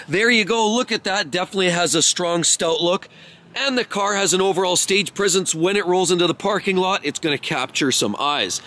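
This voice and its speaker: A man's voice: sits high, bright, forceful tone, a little hiss or hum. A man doing an enthusiastic walkaround of cars, praising each detail. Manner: effusive, praising every detail. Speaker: car reviewer. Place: outdoors beside parked cars.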